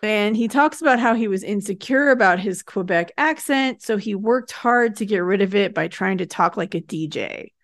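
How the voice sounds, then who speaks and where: A chatty woman co-host talks through a TV episode in an easy, casual way, laughing a lot and swearing now and then. Her voice is mid-pitched and recorded close and dry. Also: expressive, moderate pace, hardly any pauses, no echo. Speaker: podcast co-host. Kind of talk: casual TV recap chat.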